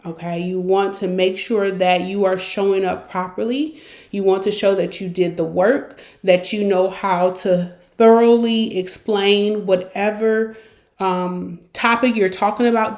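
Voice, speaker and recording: A woman's voice: medium pitch, a little mellow. Woman podcast host giving pep-talk career advice, direct and upbeat, echoey room. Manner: direct, encouraging, acts out examples. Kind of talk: coaching monologue. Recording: roomy echo.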